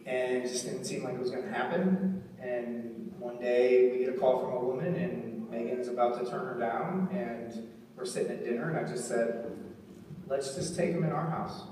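A man's voice: mid-range voice, normal speed, mellow. A man from Ohio telling his testimony in a sermon, earnest and storytelling, with frequent ums and "right?" tags. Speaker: preacher and recovery ministry leader. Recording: echoey hall from far off, faint noise.

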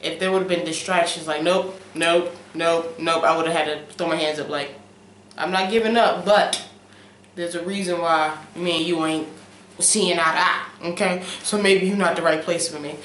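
A young woman talks straight to her camera at home late at night in a casual, preachy vlog. She punches some points loudly and lets others trail off softly, often checking in with "okay?". The room sounds echoey, with a faint hiss underneath. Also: fairly low pitch, fairly even intonation, a little fast. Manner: wavers between loud emphasis and soft trailing asides. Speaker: vlogger. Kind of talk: casual talk-to-camera chat.

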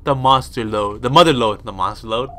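A young man giving excitable let's play commentary, talking to himself and trash-talking enemies with some swearing. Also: medium pitch, fairly quick. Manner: excitable, talks to himself while playing. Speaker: gaming video host. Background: faint background music.

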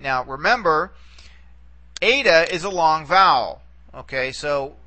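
A man's voice: on the high side, pushed and bright, no room sound. A man teaching a recorded lesson, explaining patiently step by step and checking in often. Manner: patient, explains step by step with frequent "okay" and "all right".

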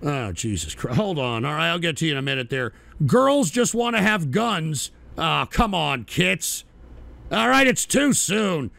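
A man's voice: fairly high pitch, very animated, a little slow, gravelly, fairly bright tone, no room sound. A man hosting a live talk stream who reads out chat names in a profane, sarcastic ramble. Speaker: streaming talk show host.

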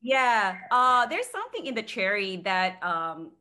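A woman sleep expert talks through her advice with an easy, chatty warmth. She leans on her words for emphasis and laughs lightly between points. She has a mid-range voice. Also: medium pitch, sing-song, measured pace. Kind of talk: casual podcast advice.

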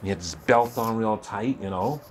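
Animated older man telling stories. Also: lowish voice, moderate pace, a little hiss or hum. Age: 60s. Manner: animated storyteller who acts out other people's voices and laughs often. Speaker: guest, retired bodybuilder. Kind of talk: storytelling interview.

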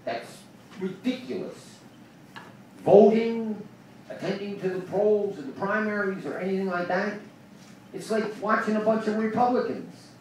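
Picked up from a distance in a noisy, echoing small club, this comedian's open-mic set rambles along. His voice sits high and sounds a little mellow, unhurried as he drifts from mumbles into rants.

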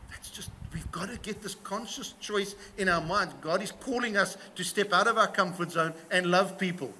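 High-voiced man preaching a fervent sermon. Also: moderate pace, sharp tone. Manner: impassioned, rising in volume when retelling stories. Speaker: pastor.

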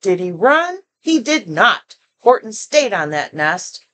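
Reading a picture book to a child, this older storyteller speaks slowly at a medium pitch. She's expressive and keeps breaking off to add remarks and ask the young listener questions.

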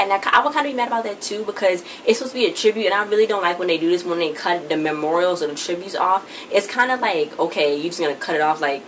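A woman's voice: fairly low pitch, fairly bright tone, distant mic, low-quality recording. A young woman casually recapping an awards show for her vlog, chatty and rambling with lots of "like" and "guys". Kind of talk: casual chat. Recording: voice a bit off-mic with faint room noise.

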